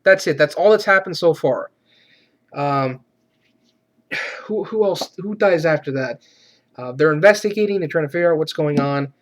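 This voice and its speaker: A man's voice: on the high side, animated, moderate pace, pauses often. Exasperated swearing man ranting. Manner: exasperated, swears a lot, shouts when imitating characters. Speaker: movie reviewer. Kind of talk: profane movie rant.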